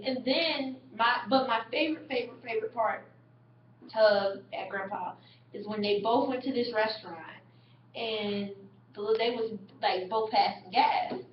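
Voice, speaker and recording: A woman's voice: fairly high pitch, slight background noise. A young woman and mother retelling movie scenes in casual webcam chat, laughing often. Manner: animated storyteller, laughs often. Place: indoor room. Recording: echoey, distant, dull webcam audio.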